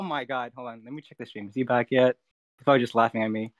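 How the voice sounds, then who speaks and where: Standing in for his streamer friend on a live stream, a young man chats casually, flustered and joking under his breath. He talks fast in a steady, medium-pitched tone, recorded dry with clean studio sound.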